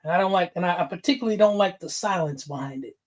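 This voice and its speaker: A man's voice: sits high, fast talker. A man hosting a casual livestream, greeting chatters by name, laughing often and getting fired up. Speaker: livestream host.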